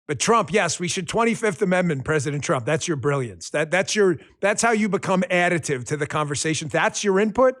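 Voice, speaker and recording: A middle-aged man hosting a political podcast, combative and mocking, who swings from shouted insults to quiet muttered asides. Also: fairly high pitch, quick pace, few pauses. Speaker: podcast host. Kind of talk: political commentary.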